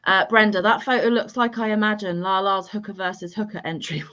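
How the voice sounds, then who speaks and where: A woman's voice: mid-range voice, steady tone, fairly quick, a bit bright, highs cut off, slight background noise. A woman hosting a casual livestream chat, reading viewer comments aloud and joking at her own expense. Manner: self-deprecating, laughs often. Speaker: livestream host.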